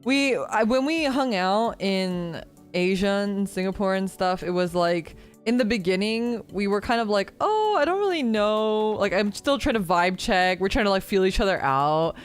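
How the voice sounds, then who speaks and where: A woman's voice: medium pitch, normal speed, hardly any pauses, clear, resonant tone, soft background music. A young woman from the United States hosting a stream, chatting casually and laughing often. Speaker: streamer host. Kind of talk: casual chat.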